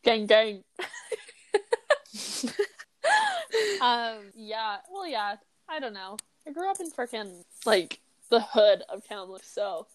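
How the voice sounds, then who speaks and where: Giggly girl cohost, teasing, lots of likes and ums, slightly high voice, dry close mic. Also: sing-song, slow pace, long pauses, no room sound. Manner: giggly, teasing, filler-heavy. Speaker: podcast co-host. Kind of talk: casual chat.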